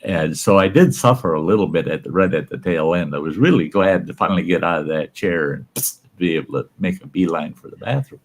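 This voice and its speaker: A man casually telling a salty, folksy story, voicing the people in it with lively shifts. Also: low voice, brisk, few pauses. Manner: folksy, salty, animated when quoting others. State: undergoing cancer treatment. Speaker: channel host telling stories.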